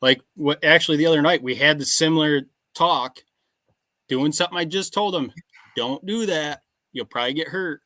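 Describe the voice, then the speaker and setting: A man in his thirties with a slightly high voice, recorded dry and close, speaking plainly about his work as a podcast guest. His manner is matter-of-fact and easygoing. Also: moderate pace, sharp tone, dry recording. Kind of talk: casual podcast chat.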